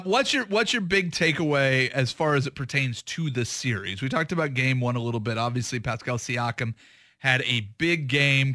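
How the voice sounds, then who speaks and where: A man's voice: medium pitch, sharp tone, no echo. Joking male sports radio host, dry studio. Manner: joking, loose, quick to laugh at himself. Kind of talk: casual sports radio banter. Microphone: studio microphone.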